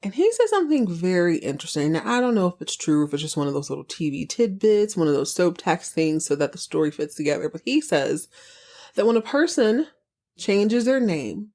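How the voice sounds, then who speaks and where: A woman's voice: lowish voice, very animated, fairly quick, mellow. A woman podcast host giving a chatty, sassy recap of a TV episode, wandering off on tangents as she goes.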